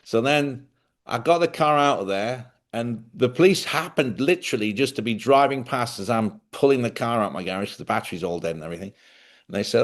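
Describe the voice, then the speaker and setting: A man's voice: mid-range voice, lively intonation, fairly quick. A middle-aged man hosting a live stream, telling rambling stories in casual chat. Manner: rambling anecdotal storytelling.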